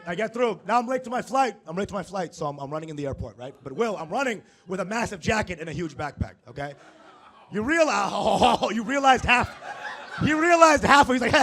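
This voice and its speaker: Young male comic on stage, high voice that swings all over, crude crowd-work patter. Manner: animated, profane, quick asides to the audience. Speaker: stand-up comedian. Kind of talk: stand-up comedy set with crowd work. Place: comedy stage before a live audience.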